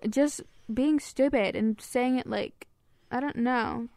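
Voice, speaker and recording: A woman's voice: fairly high pitch, slow, darkish tone. A woman chatting on a casual podcast, protesting and exasperated as she tells a story. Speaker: podcast guest.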